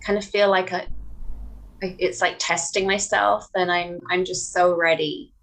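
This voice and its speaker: A woman's voice: on the low side, flat delivery, a little slow, fairly bright tone, low-quality recording. A woman talking as a podcast guest in casual chat, hesitant and earnest, restarting her sentences often.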